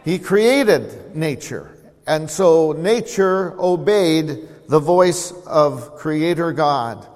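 A man's voice: animated, very slow. Earnest man preaching in a reverberant hall. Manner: earnest, calls for congregation responses; swells louder reading scripture, drops low to explain. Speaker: pastor. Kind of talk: expository sermon.

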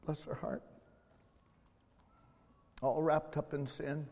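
A middle-aged man preaching a sermon in a church, slow and emotional, swelling loud then dropping to quiet tones. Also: on the high side, flat delivery, creaky, in a large hall. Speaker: pastor. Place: church sanctuary.

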